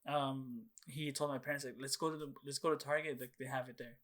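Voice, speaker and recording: A man's voice: medium pitch, fairly even intonation, fairly quick, fairly bright tone. A young man co-hosting a casual podcast, telling a long rambling story full of fillers and swearing and acting out his own past reactions. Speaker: podcast co-host. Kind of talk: casual chat.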